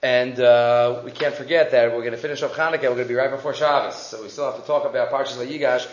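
A man giving a weekly Torah portion class, animated and acting out the quotes he reads. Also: mid-range voice, quick pace. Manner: animated, acts out quotes with rising voice; mixes Hebrew quotes into English. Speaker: Torah teacher. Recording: roomy, slightly dull recording.

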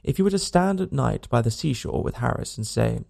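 A man reads a comic novel aloud in a dry, wry manner. His voice is heavily gravelly, with a mellow, dark tone throughout. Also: medium pitch, lively intonation, fairly quick. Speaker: audiobook narrator. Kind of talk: scripted narration of a comic novel.

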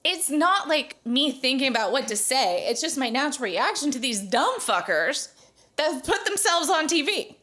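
A woman's voice: sits high, sing-song, normal speed, pushed and bright. A woman co-hosting a podcast, chatting casually with a blunt, sarcastic streak. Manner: blunt, sarcastic, rants at reality tv. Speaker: podcast co-host. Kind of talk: casual chat.

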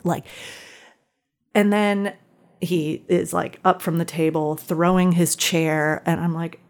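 A woman recounts a personal story in relaxed conversation, her voice sitting a little low. She rambles, piling on fillers and restarting her sentences as she goes. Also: takes it slowly. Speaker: guest telling a personal story.

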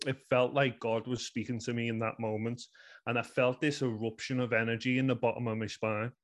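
Fairly quick and level, with medium pitch, the guest speaks in a Liverpool accent. He's an Englishman in his thirties sharing a personal story earnestly, rambling and stuffing it with "you know" fillers.

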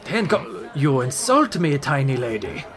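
A man's voice: mid-range voice, sing-song, measured pace, a bit bright, a faint crowd. A man voicing a large, jovial male merchant who haggles in clipped, broken grammar. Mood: offended.

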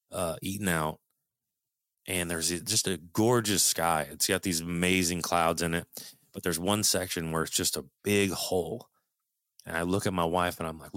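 Middle-aged man, low smooth voice, dry close recording, earnest storyteller who swears freely. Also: fairly bright tone, dry recording. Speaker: guest telling a personal story. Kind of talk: casual storytelling.

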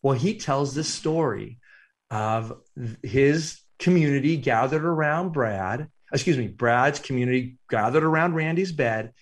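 A man, an author guest, telling a reflective story in an interview, unhurried and halting with fillers. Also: mid-range voice.

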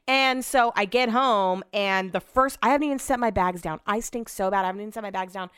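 A woman's voice: medium pitch, lively intonation, fast, hardly any pauses, fairly bright tone, clean tone, no room sound, studio quality. A woman telling a casual story monologue, chatty and blunt, swearing freely as she retells back-and-forth conversations.

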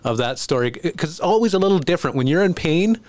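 A man co-hosting a podcast, chiming in with quick jokes and comments. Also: a little high, lively intonation, a little mellow. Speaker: podcast co-host. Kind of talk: casual chat.

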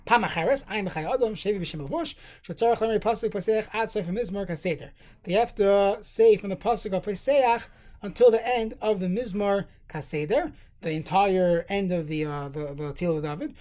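A man giving a halacha lesson, reading Hebrew text aloud and then explaining it in plain English, at a steady teaching pace. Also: sits high, fairly quick. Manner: steady explanatory tone with fillers and restarts. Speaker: Torah teacher.

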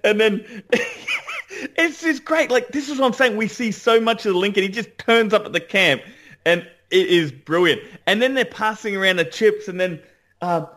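A man co-hosting a podcast, enthusiastic and halting, restarting his sentences. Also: high-pitched, fairly bright tone. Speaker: podcast co-host. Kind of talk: casual recap chat.

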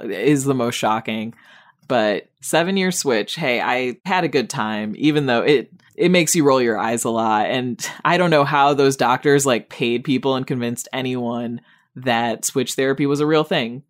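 A woman hosting a podcast, chatting casually about TV she watched, rambling with lots of fillers, wry and exasperated, jumping way up in pitch when she mocks people, and high on weed while she talks. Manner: wry, exasperated, jumps high for mock quotes. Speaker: podcast host. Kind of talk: casual TV review chat.

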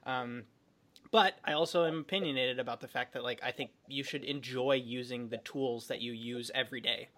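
A man's voice: medium pitch, brisk, bright, forceful tone. A man hosting a podcast in casual chat, rambling and filling his talk with "like". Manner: rambling, heavy use of "like". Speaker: podcast host.

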